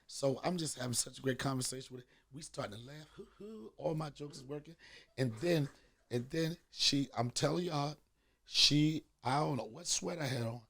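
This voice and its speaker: A man's voice: fairly high pitch, moderate pace, a bit bright. A middle-aged man hosting a podcast, telling a profane comic story with lots of animation and acted-out voices. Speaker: podcast host. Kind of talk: comedic storytelling.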